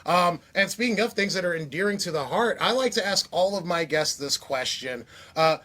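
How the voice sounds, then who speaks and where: Upbeat man with a high, bright voice. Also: lively intonation, normal speed. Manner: upbeat, salesy, plugs auctions. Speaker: interview host. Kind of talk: casual interview hosting.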